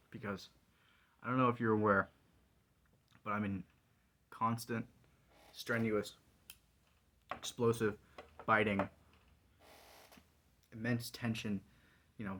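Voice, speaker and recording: A man vlogging alone in a wry, rambling monologue full of fillers. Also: mid-range voice. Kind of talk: casual solo monologue.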